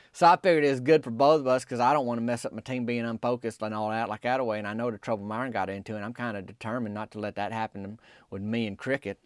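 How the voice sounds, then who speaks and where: A man telling a rambling, deadpan comic story in folksy country talk. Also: medium pitch, no echo, studio quality. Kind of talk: deadpan comedic storytelling monologue.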